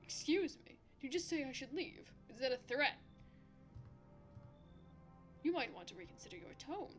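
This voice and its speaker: A woman's voice: high voice, big pitch swings, normal speed, over music. A woman voicing a prim, formal visitor in a put-on accent, stiffly polite and indignant. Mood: prissy indignation. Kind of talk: game voice acting.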